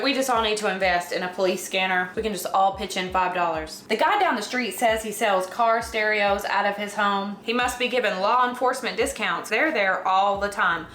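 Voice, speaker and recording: A woman's voice: mid-range voice, moderate pace, hardly any pauses, fairly bright tone, echoey room. A woman with a Southern US accent and a slight lisp, chatting casually and joking at her own expense as she bakes in her home kitchen. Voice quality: slight lisp from a dental flipper. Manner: self-deprecating, jokey, talks to herself. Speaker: vlogger. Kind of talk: casual rambling chat while baking.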